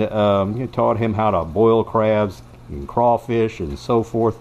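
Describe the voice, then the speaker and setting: A man's voice: mid-range voice, darkish tone. Folksy, rambling man cooking. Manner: folksy, rambling, self-correcting. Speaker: home cook. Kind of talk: cooking demonstration with storytelling. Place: home kitchen.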